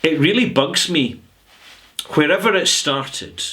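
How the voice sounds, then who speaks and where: A middle-aged Scottish man vlogging to camera, talking casually with sarcastic, drawn-out emphasis. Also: on the high side, animated, sharp tone. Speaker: whisky vlogger.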